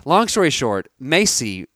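A man's voice: medium pitch, takes it slowly, no echo. A man in his thirties co-hosting a podcast, telling a long story in a casual chat with frequent restarts. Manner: animated storyteller, restarts and laughs, bursts into shouts. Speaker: podcast co-host.

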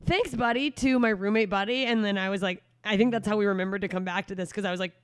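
A young woman hosting a podcast, talking casually and warmly with her guest and often laughing. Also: medium pitch, steady tone, fast, smooth. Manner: friendly, chatty, laughs easily. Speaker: podcast host.

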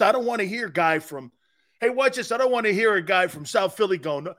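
Edgy from too little sleep, this sports talk show host is brash and profane, rambling as he addresses his audience directly. He sounds high, animated and a bit bright, speaking a little fast.

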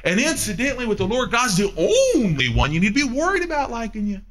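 A man preaching a sermon, emphatic, asking the listeners questions and swinging between loud and hushed. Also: very high voice, big pitch swings, fast. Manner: asks the audience questions.

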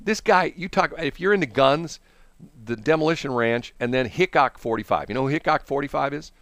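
A man's voice: mid-range voice, a little fast, no echo. A man hosting a casual radio chat, telling stories and mimicking voices. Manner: animated storyteller, mimics voices. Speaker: radio host.

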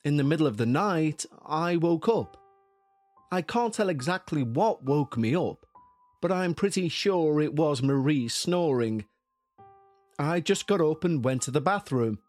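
A man narrating a listener's first-person horror story in a slow, measured storytelling manner. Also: a little high, expressive, a little mellow, no room sound, faint music behind.

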